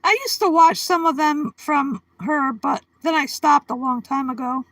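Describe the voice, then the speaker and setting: Woman, livestream host, high voice, dry close sound, giggly and chatty. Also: measured pace, fairly bright tone, no echo, low-quality recording. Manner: chatty, giggly, talks to viewers by name. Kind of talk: casual live-stream chat.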